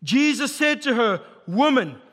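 A married man preaching a sermon as pastor, emphatic and building to near shouts. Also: very high-pitched, big pitch swings, a little slow. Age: adult, married. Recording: long hall reverb.

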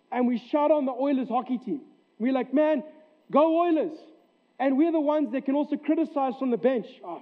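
Male pastor, high voice, emphatic sermon delivery, tinny lo-fi recording. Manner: earnest, emphatic preaching with repeated phrases. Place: church sanctuary. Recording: tinny narrow-band recording.

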